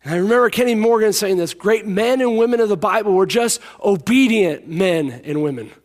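A man delivers a sermon in a high, ringing voice. He presses his points by repeating them and drops low for his stories. Long reverb from a big hall trails every phrase. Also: lively intonation, fairly quick. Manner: emphatic, repeats key lines, drops to a hush for stories. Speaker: preacher.

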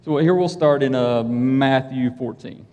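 A man's voice: mid-range voice, unhurried, darkish tone, dull audio. A man preaching a casual, conversational sermon, telling stories about himself with a self-deprecating humor. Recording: reverberant hall.

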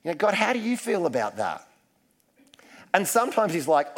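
A man's voice: sits high, very animated, moderate pace, pauses often. A man preaching a casual, self-deprecating sermon full of asides. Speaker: pastor.

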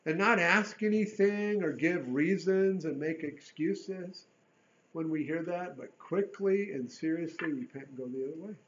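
A man preaching a sermon with a fairly high voice. He is earnest, rising to emphatic bursts and sinking to a hush. The recording sounds dull and lo-fi. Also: a little slow.

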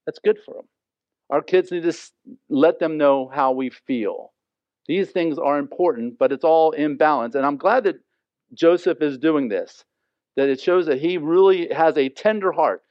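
A man's voice: fairly high pitch, moderate pace, no room sound. A man teaching a Bible passage in an earnest, conversational way, often asking listeners to imagine the scene. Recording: dry, slightly dull lo-fi sound.

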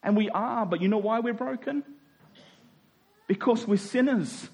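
Male pastor, sermon, high-pitched voice, emphatic, slows for emphasis. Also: creaky, a little mellow, slightly rough. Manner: emphatic, slows down to stress key words.

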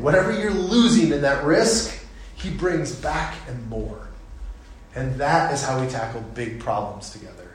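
A man's voice: medium pitch, slight background noise. A middle-aged male pastor preaching a sermon in a church sanctuary, earnest and conversational, encouraging the listeners. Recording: very echoey sanctuary.

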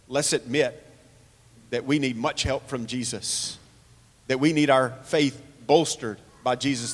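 A man's voice: mid-range voice, in a large hall. A man preaching a sermon, earnest, asking rhetorical questions and reading scripture aloud. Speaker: pastor.

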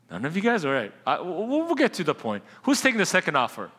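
A man's voice: a little high, wildly swooping pitch, normal speed, sharp tone, in a large hall. A male pastor preaching a casual, conversational sermon and speaking directly to his congregation with questions.

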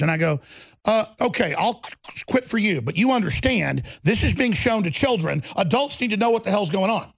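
A man in a sing-song, shouting rant, heard as a clip with music mixed in. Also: high-pitched, big pitch swings, fairly quick, gravelly, husky. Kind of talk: ranting monologue.

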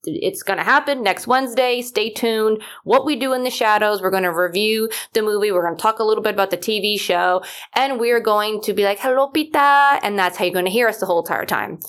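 A woman's voice: medium pitch, brisk, fairly bright tone. A woman hosting a podcast, talking casually and rambling with many fillers. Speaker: podcast host. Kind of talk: casual solo chat.

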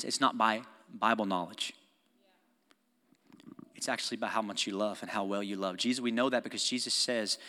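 A man preaching a sermon as pastor, passionate, swinging between loud exhortation and quiet, intimate talk, with frequent laughs and asides to the congregation. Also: medium pitch. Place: church sanctuary. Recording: long reverb of a church hall.

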